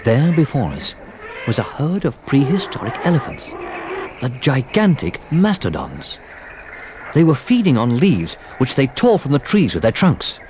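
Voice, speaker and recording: A man narrating a children's storybook recording in a lively, expressive telling. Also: mid-range voice, unhurried, noisy background. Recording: old storybook record with music.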